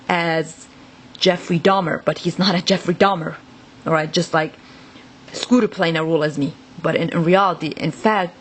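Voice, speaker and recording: Woman ranting in a profane monologue. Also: fairly low pitch. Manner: profane, rambling, agitated ranting. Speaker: vlogger. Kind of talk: unscripted monologue to camera.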